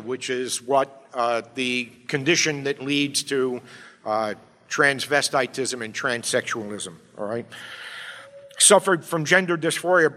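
Pastor guy preaching, bright forceful voice, big echoey church sound. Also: on the high side. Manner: emphatic preaching, swings from quiet to loud. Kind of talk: sermon. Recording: long hall reverb.

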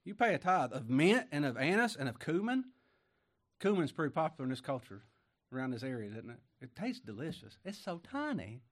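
A man's voice: on the high side, sing-song, a little fast. A man preaching a sermon in a folksy, conversational way, often asking the congregation rhetorical questions. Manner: swings between loud emphasis and quiet asides. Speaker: pastor.

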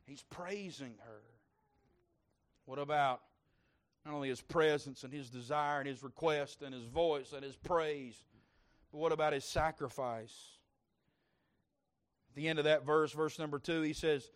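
A man preaching a sermon, moving between loud fervent stretches and soft hushed asides. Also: on the high side, fairly even intonation, measured pace, long pauses. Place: church service.

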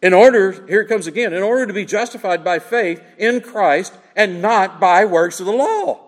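A man preaching with a high, lively voice that swoops up and down as he drives each point home. He keeps asking the congregation short rhetorical questions. The sound carries a long reverb, as in a large sanctuary. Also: moderate pace. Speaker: pastor. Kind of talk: expository sermon.

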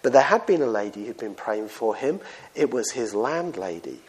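A man delivering a sermon at a medium pitch. He talks in a loose, anecdotal way, often pausing on fillers as he builds his points. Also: very animated, darkish tone, breathy edge. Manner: conversational, anecdotal preaching with frequent fillers. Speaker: preacher.

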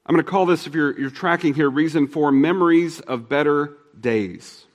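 A man preaching a sermon as pastor, earnest, sometimes slowing down and dropping his voice soft to press a point. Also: fairly high pitch, long reverb tail. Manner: earnest, shifts between fast and slow, drops soft for emphasis.

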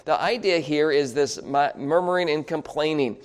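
A man's voice: fairly high pitch, normal speed, hardly any pauses, clear, resonant tone. A man preaching a sermon, chuckling often between points and getting the congregation to repeat words aloud with him.

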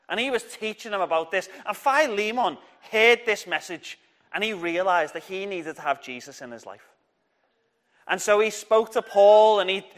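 A man telling a Bible story to children at church, lively and encouraging, getting the audience to shout along. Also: sits high. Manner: lively, encouraging, draws the crowd in.

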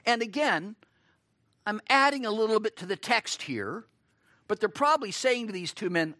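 A man preaching a sermon, expressive, acting out quoted lines and asking his listeners rhetorical questions. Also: high-pitched, normal speed, dry recording, clean studio sound.

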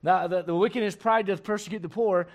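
Emphatic high-voiced male pastor preaching. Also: steady tone, fast talker. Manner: emphatic, swings between loud bursts and low asides. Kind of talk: sermon. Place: church.

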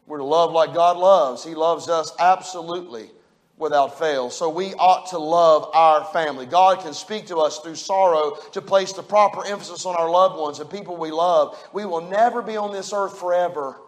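A man's voice: a little high, moderate pace. A middle-aged man preaching a sermon, folksy and emphatic, building to fervent peaks. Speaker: pastor.

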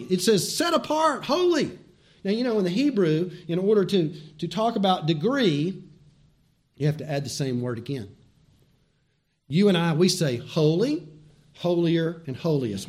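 A man preaching a sermon as pastor, swinging from loud, emphatic repeated words to hushed, folksy asides and direct questions to the listeners. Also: a little high, expressive, fairly quick.

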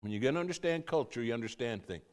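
An older American man, a missionary pastor, tells stories sermon-style, rambling with many fillers and repeated words. His medium-pitched voice is expressive and quick, with long hall reverb on the recording.

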